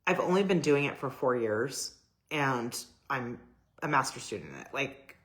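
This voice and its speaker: Middle-aged woman photographer, low voice, chatty and gushing, lots of fillers and restarts. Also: expressive, moderate pace. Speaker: boudoir photographer. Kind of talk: casual personal talk to camera.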